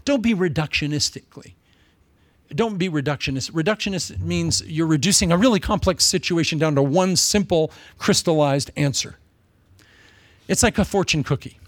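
In a dry recording, a pastor with a fairly high voice delivers a sermon at a moderate pace. He keeps it animated, funny, and conversational, repeating points to drive them home.

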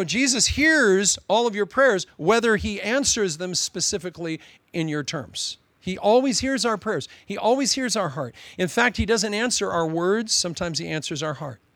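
High-voiced animated male preacher. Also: no echo. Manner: animated storytelling with joking asides; addresses listeners as "loved one". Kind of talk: sermon.

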